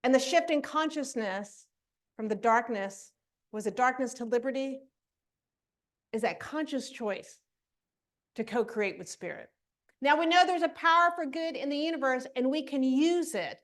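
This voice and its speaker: A woman minister with a bright, high voice teaches a spiritual lesson. She keeps it conversational and chatty, checks in with her listeners, and laughs easily along the way. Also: animated, normal speed. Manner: conversational, often asks "right?", laughs easily.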